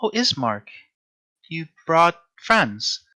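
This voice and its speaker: A man voicing a soft, sweet young woman who is pale and weary, speaking gently and hesitantly. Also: a little high, big pitch swings, extremely slow, no room sound, pitched above the performer's own voice, exaggerated voice. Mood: sweet, polite.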